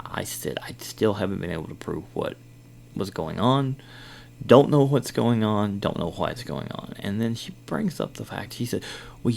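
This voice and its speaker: Middle-aged male podcast host, low gravelly voice, rambling storyteller. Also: a little hiss or hum. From Kentucky. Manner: rambling, many fillers and retold dialogue. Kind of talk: casual storytelling.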